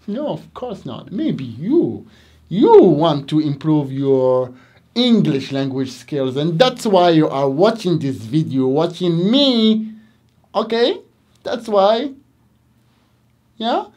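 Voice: medium pitch, big pitch swings, takes it slowly, darkish tone, slightly rough. An English teacher with a Moroccan accent giving a lesson to Arabic speakers, repeating words and stressing them theatrically.

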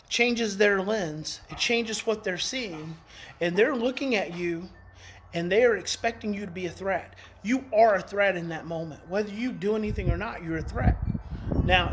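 A man and parenting educator in a casual daily talk to viewers. He is emphatic, repeats key phrases and swings in pitch. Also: slight background noise. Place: outdoors in the evening.

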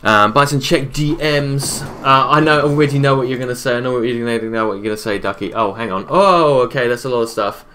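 A man streaming a game live, chatting casually, reading viewers' messages aloud and answering them between quick calls about the play. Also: mid-range voice. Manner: relaxed, chatty, repeats his own phrases. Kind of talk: casual live-stream commentary while gaming.

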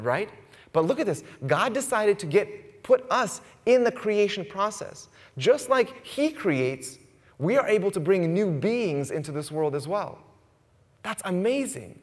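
Guy in his 30s giving a sermon, kinda high voice, talks to the crowd like a chat, big echo. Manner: conversational preaching, asks the audience "right?". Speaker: pastor. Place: church sanctuary.

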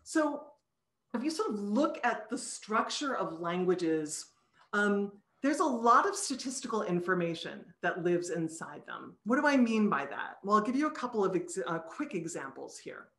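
A woman professor explains her research in a patient, teaching manner and sounds out syllables to make her points. Her voice sits at a middle pitch. The video call audio carries the echo of the room she speaks in. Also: big pitch swings, normal speed, a bit bright. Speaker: psychology professor giving a talk. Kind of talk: recorded online lecture.

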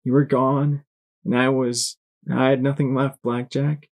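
A man's voice: medium pitch, little pitch movement, a little slow, voice pushed up, natural voice. A man voicing a grieving young pony mare who pleads in despair.

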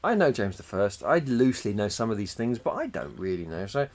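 A man's voice: lowish voice, big pitch swings, a little fast, a little mellow. A man co-hosting a podcast, rambling loosely through a story and swearing casually as he goes. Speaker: podcast co-host. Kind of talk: casual boozy banter.

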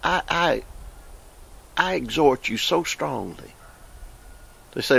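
A man from the southeastern United States with a Southern accent, preaching an informal sermon full of stories, exuberant, exclaiming and repeating words when excited. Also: mid-range voice, measured pace, creaky, long pauses, husky. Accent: Southern American.

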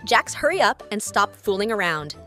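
A man's voice: high voice, very animated, moderate pace, pushed and bright, soft background music, exaggerated voice. A man voicing an anxious young jester woman. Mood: urgent.

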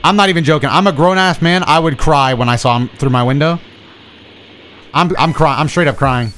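A young man streaming a video game, talking to himself in excitable, profane commentary. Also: on the high side, brisk, a little hiss or hum. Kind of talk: casual gameplay commentary.

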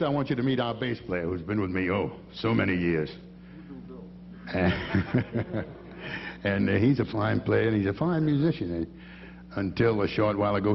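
A man's voice: lowish voice, vocal fry, long reverb tail, muffled recording, noisy background. A man leading a band, telling folksy jokes and introducing the players on stage at an outdoor jazz festival through a stage microphone. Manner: folksy storyteller, teasing the band members. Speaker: bandleader introducing his band.

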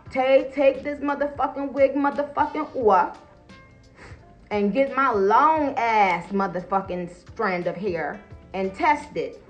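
A woman ranting casually and profanely on a live stream, animated and laughing, getting loud at her peaks. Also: fairly high pitch, low-quality recording.

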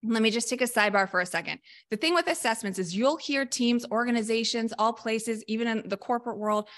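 A woman mental performance coach explaining coaching methods in a podcast discussion, energetic and emphatic, now and then acting out short coaching lines. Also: fairly high pitch, brisk.

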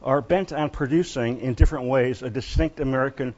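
Male professor, mid-pitched, halting classroom lecture with many fillers; muffled lecture-hall capture. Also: darkish tone. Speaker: literature lecturer.

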